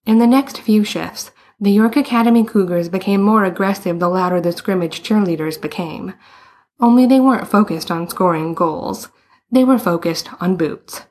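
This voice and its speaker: A woman's voice: medium pitch, moderate pace, a little mellow. A woman reading a novel aloud as an audiobook narrator. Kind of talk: scripted narration.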